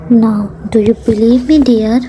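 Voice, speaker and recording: A creepy male kidnapper taunts with a smirk, voiced by a woman reading a story. His words come slow and flat, in a dark, mellow tone. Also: on the high side, a little hiss or hum, natural voice, low-quality recording. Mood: taunting. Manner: smirking, menacing.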